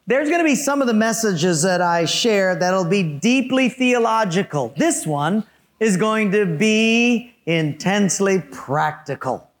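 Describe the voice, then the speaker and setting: Pastor, man, high voice, chatty and playful sermon delivery to the congregation. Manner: playful, conversational, addresses congregation directly.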